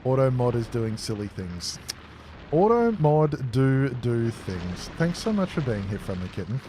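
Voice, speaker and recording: A man's voice: mid-range voice, big pitch swings, a little slow, noisy background. A man streaming a factory-building game, chatting and joking casually with his viewers. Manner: jokey, chatty, responds to chat aloud. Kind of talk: casual live-stream chat.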